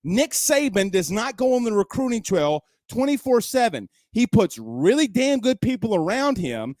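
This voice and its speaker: A male sports talk host with a slightly high voice, speaking in a dry, close sound. He argues his points with emphasis, repeats himself for effect and fires off rhetorical questions. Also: very animated, moderate pace, darkish tone, no echo. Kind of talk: opinionated sports talk commentary. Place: at home.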